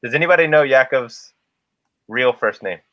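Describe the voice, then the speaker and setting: A man's voice: mid-range voice, moderate pace, dry recording, dull audio. A man co-hosting a casual livestream, rambling and laughing as he talks to the chat. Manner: rambling, laughs often, restarts a lot. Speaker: livestream co-host.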